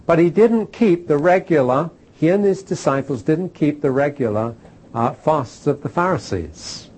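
Animated man teaching the Bible. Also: a little high, unhurried, breathy edge, poor audio. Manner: animated, rising for emphasis, repeats key phrases; uses fillers like "uh".

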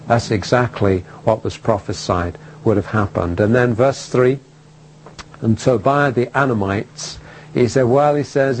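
A man's voice: mid-range voice, a little slow, slight background noise, rough recording. Emphatic male preacher with rhetorical questions. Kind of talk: sermon.

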